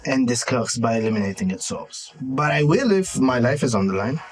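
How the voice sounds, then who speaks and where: A man playing a formal, wordy male adventurer who drops in French words, speaking in a measured, hesitant way. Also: mid-range voice, expressive, slightly rough, rough recording. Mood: grave.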